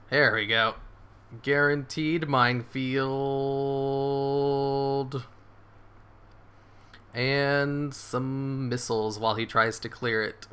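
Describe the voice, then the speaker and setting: A man giving excitable live commentary on his game, swearing and cheering his moves as he plays. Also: mid-range voice, slow pace, long pauses, clean tone. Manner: excitable, swears, laughs often. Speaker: gaming streamer.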